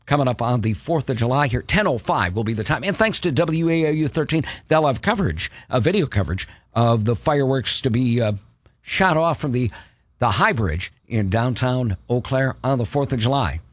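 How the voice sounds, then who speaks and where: Halting man making radio announcements. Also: medium pitch, lively intonation, dry recording, studio quality. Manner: halting, lots of uh fillers. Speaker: radio host. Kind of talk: casual on-air announcements. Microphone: studio mic.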